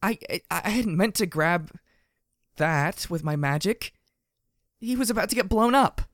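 A man's voice: a little high, sing-song, moderate pace, no room sound, studio quality, pitched above the performer's own voice. A man voicing a flustered, impulsive young female pony who stammers. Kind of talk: audiobook character voice.

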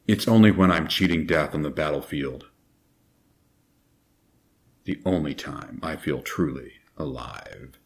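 A man doing an impression of a gruff, weary middle-aged soldier in his own deep, gravelly morning voice, with a slow, brooding delivery. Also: full character voice. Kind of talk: character impression.

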